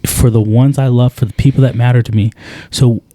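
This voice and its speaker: A man co-hosting a podcast, talking earnestly in a casual conversation, with many halting restarts. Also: mid-range voice, steady tone, warm tone, no echo. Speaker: podcast co-host.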